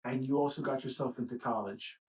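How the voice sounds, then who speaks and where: A man's voice: mid-range voice, brisk, darkish tone. A man in his thirties with a mid-range voice, speaking from New York in a raw, profane, emotional outpouring. He repeats lines for emphasis as he leads a tapping session. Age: 30s. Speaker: EFT tapping coach. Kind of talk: emotional personal monologue.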